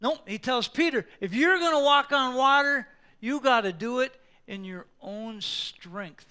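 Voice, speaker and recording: Animated high-voiced male pastor preaching. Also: a little slow, clear, resonant tone. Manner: animated, acts out scenes with props. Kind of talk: sermon.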